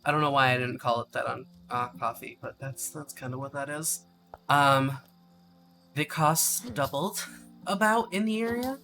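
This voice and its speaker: A woman's voice: a bass voice, normal speed, fairly bright tone. A woman streaming a game, chatting casually and joking with her viewers. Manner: chatty, joking, easily amused. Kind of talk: casual live-stream chat. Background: faint background music.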